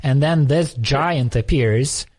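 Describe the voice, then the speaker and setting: A man from the former Soviet Union hosting a conversational interview, telling stories quickly and thoughtfully with frequent restarts. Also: mid-range voice, a little mellow, breathy edge. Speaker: podcast host.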